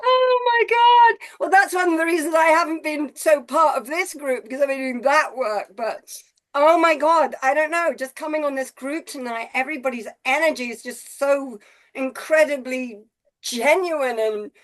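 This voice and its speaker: Woman, high voice, effusive, rambling, group video call. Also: normal speed. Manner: gushing, effusive, rambling with fillers. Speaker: call participant.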